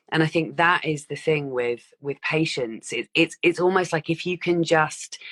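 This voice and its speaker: A woman's voice: sits low, fairly bright tone. A woman co-hosting a podcast in casual reflective chat, thoughtful and rambling, with many small fillers. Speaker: podcast co-host.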